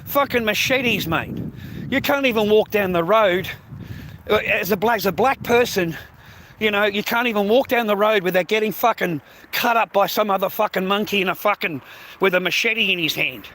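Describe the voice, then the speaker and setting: A man's voice: high-pitched, normal speed, a bit bright, a little hiss or hum. An Australian man delivering an angry, profanity-heavy ranting monologue full of slang. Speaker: social media poster.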